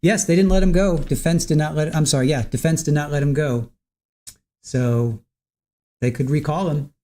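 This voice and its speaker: A livestream host in casual chat, reading out viewer comments in a relaxed, chatty way with the odd chuckle. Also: mid-range voice, moderate pace.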